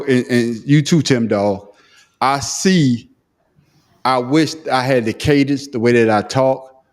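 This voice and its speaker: This is a man with a country Southern accent talking on a casual podcast. He is profane and animated, and he laughs at his own expense. His voice sits at a plain middle pitch. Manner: profane, animated, self-mocking, laughs often. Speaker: podcast co-host. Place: remote call.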